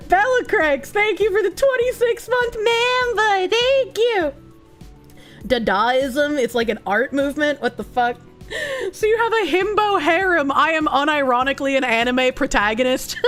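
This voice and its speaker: A woman livestreamer in casual chat, telling a story in an animated way, laughing often and swearing freely. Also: sits high, moderate pace, faint music behind.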